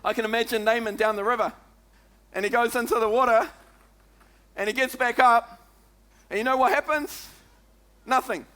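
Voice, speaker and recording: A man with a New Zealand accent preaching a sermon as pastor, in a chatty, lively way that keeps calling out "come on" and "eh?" to the congregation. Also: extremely high pitch, normal speed, long pauses.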